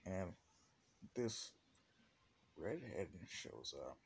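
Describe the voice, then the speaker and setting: Man, improvised fan story narration, rambling, very deep voice, lively pitch. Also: drawn-out words, creaky, breathy edge. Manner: loose, rambling, casual retelling with restarts.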